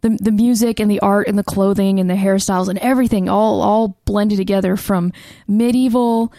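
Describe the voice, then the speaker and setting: A woman's voice: mid-range voice, steady tone, a little fast, dark tone, no echo, studio quality. A woman co-hosting a podcast in casual chat, talking with many fillers and laughing often. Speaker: podcast co-host.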